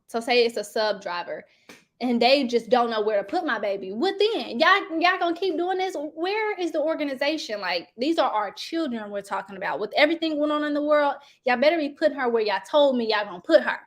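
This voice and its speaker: A woman, telling a story to her viewers in a casual, animated way and acting out the people in it. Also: sits high, normal speed. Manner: animated, talks straight to viewers, acts out quoted people. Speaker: host.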